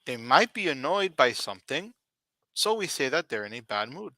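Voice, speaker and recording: A man teaching English vocabulary on a live stream, speaking slowly and deliberately and repeating key words for his learners. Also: mid-range voice, sing-song, bright, forceful tone, no room sound.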